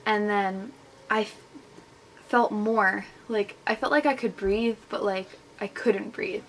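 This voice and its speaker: A young woman talks straight to her camera at home, chatty and unpolished, leaning on "like" as she retells what people said to her. Her pitch sits mid-range for a woman. A faint noise runs under the recording. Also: steady tone, takes it slowly. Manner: chatty, heavy use of "like", retelling with quoted voices. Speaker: vlogger. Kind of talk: casual storytelling to camera.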